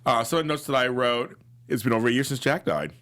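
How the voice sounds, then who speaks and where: A man's voice: mid-range voice, a little fast, fairly bright tone. A man co-hosting a casual TV review show, enthusiastic and repeating words as he agrees and recounts scenes. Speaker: co-host of TV recap show.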